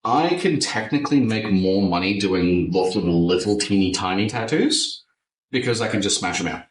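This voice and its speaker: A man's voice: fairly low pitch, animated, moderate pace, reverberant, distant mic, rough recording. A man, a tattoo artist, chatting casually and animatedly, swearing freely with lots of fillers. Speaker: tattoo artist and podcast host. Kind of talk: casual chat.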